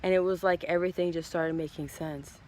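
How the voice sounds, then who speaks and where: A man's voice: on the high side, steady tone, a little fast, darkish tone, slight background noise. A man talking as a tarot reader in a casual spiritual vlog, rambling and heartfelt, swearing now and then.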